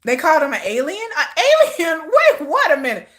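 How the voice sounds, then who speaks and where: A woman's voice: sits high, a little fast. A woman hosting a casual fan livestream, telling stories with lots of laughter and drama. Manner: animated, laughing, dramatic storytelling. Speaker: livestream host.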